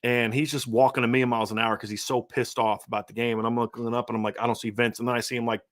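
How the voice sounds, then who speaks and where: Fast-talking male sports podcast host. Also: mid-range voice, no room sound, studio quality. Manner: fast, animated, acts out quotes. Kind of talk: casual sports talk.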